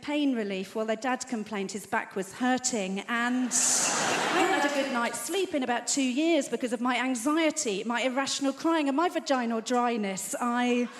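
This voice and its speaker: A woman's voice: fairly high pitch, normal speed. A woman in her fifties doing a stand-up routine, telling wry, confessional stories to a live audience. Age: 50s. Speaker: stand-up comedian. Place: large theatre stage with live audience. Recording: reverberant hall, loud crowd noise.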